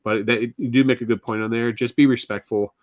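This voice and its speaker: A man co-hosts a casual podcast chat, talking in long, looping stories. His voice is mid-pitched and dry, with little room sound. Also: steady tone, brisk, no echo. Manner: rambling, chatty storyteller. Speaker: podcast co-host.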